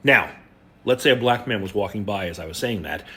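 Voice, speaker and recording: A man's voice: lowish voice, brisk, bright, forceful tone. A man giving blunt, profane commentary, telling a story before turning angry. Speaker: online commentator.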